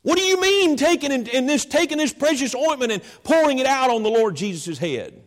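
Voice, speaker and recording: A man's voice: very high-pitched, big pitch swings, unhurried, voice pushed up, heavily acted. A male preacher acting out angry disciples who scold a woman, raising his voice accusingly. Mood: indignant.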